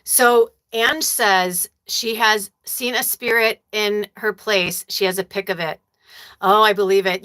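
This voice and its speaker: A woman's voice: fairly high pitch, pushed and bright. A woman hosting a spiritual livestream, talking in a casual, emotional and profane way and reading viewer comments aloud. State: tearful at times. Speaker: spiritual medium, livestream host.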